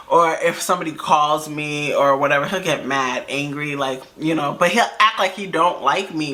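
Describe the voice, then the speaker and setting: A woman telling a personal story to camera in a casual vlog, acting out the quoted dialogue as she goes. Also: low voice. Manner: animated, acts out quoted dialogue. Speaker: storytime vlogger. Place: indoors under camera lights.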